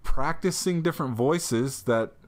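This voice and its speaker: A man's voice: mid-range voice, unhurried. A man co-hosting a tabletop gaming podcast, talking in a rambling, hesitant way with lots of fillers and frequent laughs. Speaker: podcast co-host. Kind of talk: casual chat.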